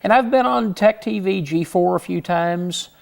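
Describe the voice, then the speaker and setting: A gravelly, fairly high-voiced middle-aged man from Houston speaks as an interview guest. He talks casually and self-deprecatingly, stopping and restarting his sentences often. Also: normal speed. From Houston, Texas.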